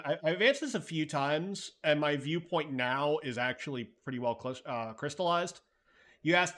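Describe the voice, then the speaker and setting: A man's voice: on the high side, fairly bright tone. A man hosting a live stream, chatting loosely and thinking aloud while answering viewer messages, with casual swearing. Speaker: livestream host.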